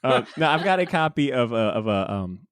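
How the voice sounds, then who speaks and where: A man hosting a comic book podcast in a casual, halting way as he announces a giveaway. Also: medium pitch, very animated, over a noisy crowd. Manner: halting, with fillers and restarts, easygoing. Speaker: podcast host running the giveaway. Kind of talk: casual chat.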